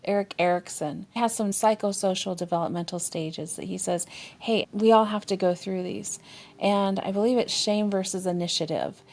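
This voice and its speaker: A woman's voice: medium pitch, fairly even intonation, normal speed, darkish tone. A woman therapist co-hosting a relationship podcast, talking expressively and acting out inner dialogue with feeling. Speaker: therapist co-host.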